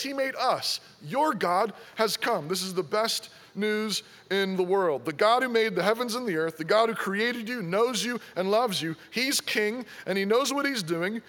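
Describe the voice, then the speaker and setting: Male pastor, high bright voice, preaching with insistent repeated questions. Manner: exhorting, repeats rhetorical questions. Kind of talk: sermon.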